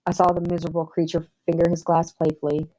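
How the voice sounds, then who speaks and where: A woman with a Southern US accent reading a classic novel aloud in measured, expressive scripted narration. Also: lowish voice, poor audio. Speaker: audiobook narrator.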